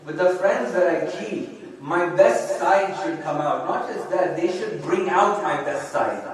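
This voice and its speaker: A man's voice: on the high side, animated, a little slow. Man preaching in an echoey hall. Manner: conversational, often adds tag questions "right?" and "yeah?". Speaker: sheikh giving a religious lecture. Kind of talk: sermon. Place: Islamic center lecture hall. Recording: echoey hall, heard from a distance.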